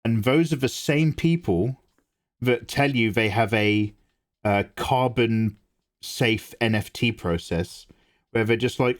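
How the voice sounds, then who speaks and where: A man chats his way through an art livestream, greeting viewers and reading messages aloud. His voice sits in an ordinary middle pitch, and his talk is loose, rambling and self-deprecating. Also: slow pace. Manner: chatty, self-deprecating, reads chat aloud. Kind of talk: casual livestream chat.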